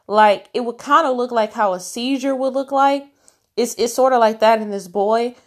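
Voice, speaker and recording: A woman's voice: fairly high pitch, normal speed. A woman reading scripture aloud and commenting on it in an informal, conversational way, with many fillers and restarts and bursts of emphasis. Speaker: Bible teacher. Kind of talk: informal Bible study commentary.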